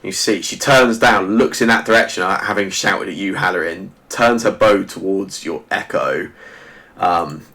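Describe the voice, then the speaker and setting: A man narrating a tabletop game as game master, halting often with "sort of" and restarts. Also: low voice, bright, forceful tone.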